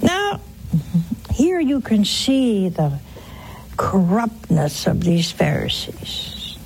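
Sex: woman. Role: religious broadcaster. Style: sermon-style teaching, folksy and wry. Pace: slow, with lively pitch. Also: slight background noise, poor audio. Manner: folksy, wry, talks straight to listeners.

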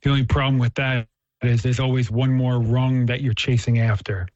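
A man's voice: mid-range voice, little pitch movement, moderate pace, darkish tone, no echo. A man in casual conversation, earnestly explaining faith ideas and telling a story. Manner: earnest, storytelling, frequent restarts. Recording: dull, dry lo-fi recording.

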